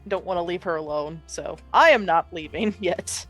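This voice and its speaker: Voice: mid-range voice, normal speed, a bit bright, faint music behind. A player in a tabletop game, talking casually and laughing often.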